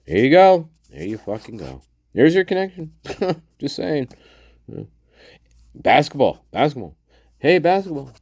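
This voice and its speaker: A man's voice: on the high side, no echo, clean studio sound. A man hosting a casual commentary show, speaking bluntly with frequent swearing and chuckles, addressing his viewers directly. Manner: blunt and profane, chuckling often; talks to the viewer and acts out people he quotes. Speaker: host of a true-crime commentary channel.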